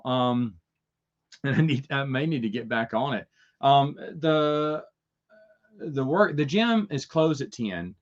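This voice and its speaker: A man's voice: medium pitch, animated, takes it slowly, pauses often, dull audio. A man hosting a casual Q&A chat, rambling through stories and chuckling at his own jokes. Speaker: host answering viewer questions.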